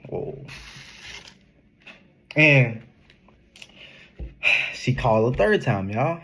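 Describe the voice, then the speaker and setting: A young man telling a casual storytime in an animated, slangy way, laughing often. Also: medium pitch, slow, long pauses, a little hiss or hum. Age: young adult. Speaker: vlogger.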